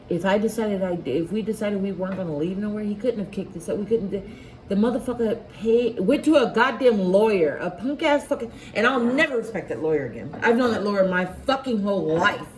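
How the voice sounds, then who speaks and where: Here a woman of medium pitch talks briskly and expressively, caught up in an angry story from her own life. She curses frequently and keeps breaking off to begin again, all recorded in an echoey space with heavy background noise.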